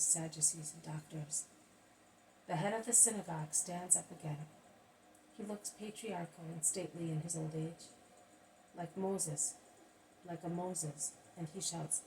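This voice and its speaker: A low-voiced woman reading an audiobook. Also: fairly even intonation, measured pace, warm tone. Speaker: narrator. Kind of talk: audiobook reading of a religious text. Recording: distant mic, faint background hiss.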